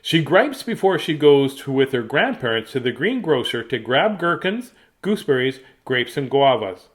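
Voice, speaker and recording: A man's voice: mid-range voice, very animated, normal speed. A man hosting a casual read-aloud of picture books for children, playful and jokey, with silly asides.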